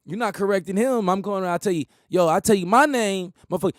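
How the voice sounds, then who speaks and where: A man's voice: high voice, fast talker, dry recording, clean studio sound. A man hosting a talk radio show, delivering an emphatic, profane, preachy monologue. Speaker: host.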